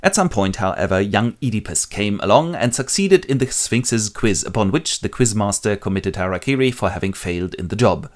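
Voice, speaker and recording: A man's voice: lowish voice, expressive, brisk, hardly any pauses. A man narrating a comic retelling of a classic play with irreverent, wry asides. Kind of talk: comic literature summary.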